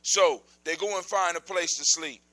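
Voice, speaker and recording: A man telling a folk tale live to children in a lively, animated way, with sound effects and shouted outbursts. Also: sits high, normal speed, rough recording. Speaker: storyteller. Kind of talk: live oral storytelling to children.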